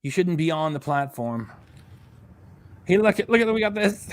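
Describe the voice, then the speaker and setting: A man's voice: sits high, sing-song, normal speed. A man hosting a reaction channel, scolding a streamer in an angry, profane rant. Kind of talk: angry commentary on a livestream.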